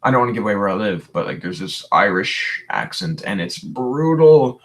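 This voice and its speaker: A man's voice: lowish voice, sing-song, moderate pace, fairly bright tone. A young man from Canada hosting a livestream, chatting casually and rambling through viewer questions with many restarts, tired today. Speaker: livestream host.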